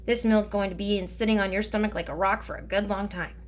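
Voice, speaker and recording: A woman reading aloud, voicing a teasing older man in a storybook, with her voice raised a little above her usual pitch. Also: steady tone, fast talker, natural voice. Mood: confiding. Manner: teasing, joking drawl.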